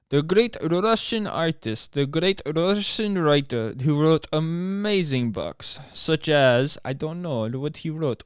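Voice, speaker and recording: A man's voice: medium pitch, clean tone, dry recording, clean studio sound. Rambling, self-mocking American young man. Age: young adult. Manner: rambling, self-mocking, stumbles over words. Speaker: podcast host. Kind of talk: rambling solo podcast talk.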